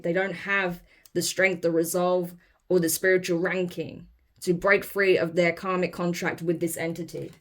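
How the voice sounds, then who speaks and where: A woman giving a casual tarot reading to camera, emphatic, blunt and profane, often exasperated and incredulous. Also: lowish voice. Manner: emphatic, blunt and profane, with repeated "I'm telling you". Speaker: tarot reader.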